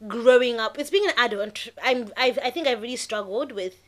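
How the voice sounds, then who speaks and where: A young woman co-hosting a podcast, speaking earnestly and openly with halting restarts. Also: fairly high pitch. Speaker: podcast co-host. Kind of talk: casual reflective podcast chat.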